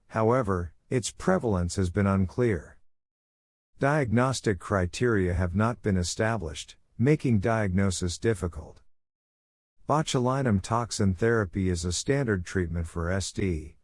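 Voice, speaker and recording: A man's voice: lowish voice, a little mellow, no room sound. A middle-aged man from Japan with a Japanese accent, giving a prepared conference lecture as a physician and reading steadily from his slides. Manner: measured, reads steadily from slides.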